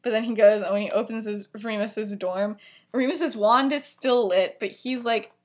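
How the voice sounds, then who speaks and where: A woman's voice: fairly high pitch, steady tone, normal speed. A young woman co-hosting a podcast, casually retelling a story in a rambling, giggly way full of fillers. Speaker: podcast co-host.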